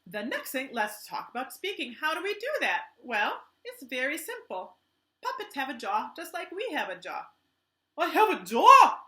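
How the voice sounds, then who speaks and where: A woman who is a teaching artist, giving a children's art lesson in an enthusiastic, gently instructive way. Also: high voice, very animated, normal speed.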